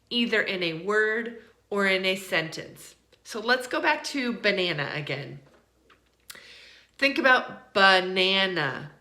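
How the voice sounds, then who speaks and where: American woman, pronunciation teacher; bright, clear-cut tone, roomy echo, deliberate pacing for demos. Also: mid-range voice. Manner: slow, deliberate, drawing out example words. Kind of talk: online pronunciation lesson.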